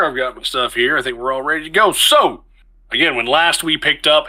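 A man runs a tabletop game as game master, narrating casually in a voice on the high side with a sharp tone. He stops mid-sentence to correct himself as he goes, and the recording quality is low.

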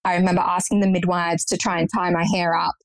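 A woman's voice: fairly low pitch, flat delivery, quick pace, no echo, rough recording. A young woman guest recounting a personal story in conversation, earnest and matter-of-fact.

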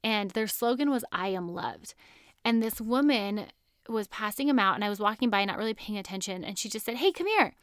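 A woman's voice: mid-range voice, brisk, a bit bright, smooth, no echo, clean studio sound. A woman in her thirties hosting a podcast, telling a personal story in an earnest, chatty way and laughing often. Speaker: podcast host.

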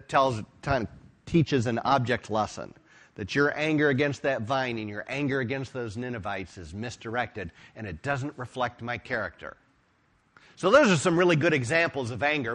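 A pastor preaching a sermon, retelling stories with emphatic, expressive delivery. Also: male voice, medium pitch, moderate pace.

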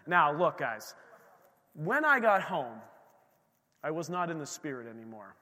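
A middle-aged male pastor preaching a sermon, telling a personal story in a lively way and acting out his own quotes. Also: a little high, measured pace. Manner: animated storytelling with acted-out quotes. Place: church sanctuary. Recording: long hall reverb in a church.

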